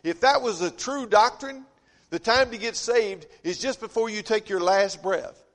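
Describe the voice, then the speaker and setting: A man preaching a sermon, telling folksy stories and swinging between loud emphasis and quiet asides. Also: high-pitched, normal speed. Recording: long reverb of a church hall.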